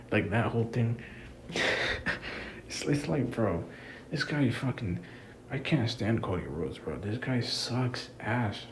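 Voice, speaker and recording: A young man rants through a wrestling review in a fairly low voice, swearing often and circling back to the same complaints. His exasperated delivery keeps returning to casual asides. A faint hiss sits under the recording. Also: darkish tone. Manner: profane, exasperated, repetitive. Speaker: wrestling commentator. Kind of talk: ranting review.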